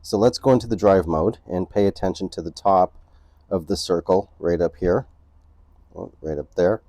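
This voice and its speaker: A man's voice: low-pitched, moderate pace, warm tone, dry recording. A man hosting a casual camera tutorial at home. He explains each step and keeps checking in with the viewer by asking "right?". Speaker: photography channel host. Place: indoors at home near a couch.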